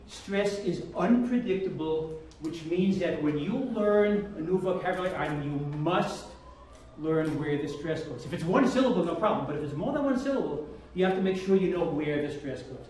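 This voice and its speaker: A man teaching a language class, lively and drilling the students with call-and-repeat. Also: sits high. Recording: echoey room from far off, faint noise.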